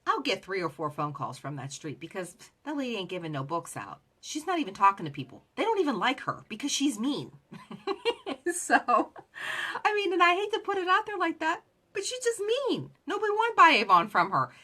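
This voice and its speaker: With a high, bright, pushed voice whose pitch swoops wildly, a woman coaching direct sales talks briskly and casually to motivate. She plays both parties in the conversations she recounts while giving chatty advice.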